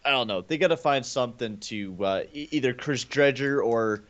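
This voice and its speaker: A man's voice: medium pitch, normal speed, fairly bright tone, highs cut off. A man co-hosting a casual hockey chat show, rambling through his points with lots of "like" and "right?". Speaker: co-host.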